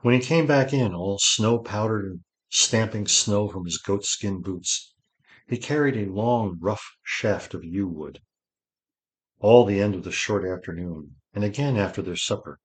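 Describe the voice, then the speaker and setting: Low, slow-paced male storyteller. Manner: steady, measured storytelling. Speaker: audiobook narrator. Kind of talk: scripted narration.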